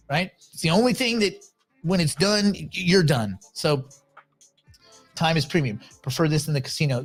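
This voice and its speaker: A man hosts a casual livestream, talking in a loose, rambling way and often restarting his sentences. His voice sits a little higher than most men's. Soft music plays quietly underneath. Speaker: livestream host.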